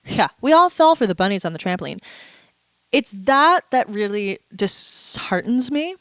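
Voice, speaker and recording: A woman's voice: medium pitch, big pitch swings, moderate pace, no echo. A woman vlogger in a casual, chatty monologue, playful and full of asides, a little stuffy and under the weather. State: stuffy, feeling unwell.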